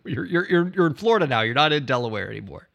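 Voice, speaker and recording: A man's voice: medium pitch, big pitch swings, rapid-fire, vocal fry, fairly bright tone, lo-fi sound. A man co-hosting a podcast in playful comedic banter, laughing easily as he humors his partner. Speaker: podcast co-host.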